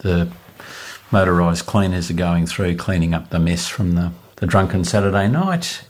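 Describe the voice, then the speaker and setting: A man's voice: low voice, moderate pace. A man telling a comic story, chatty and self-mocking. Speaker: storyteller, former street performer.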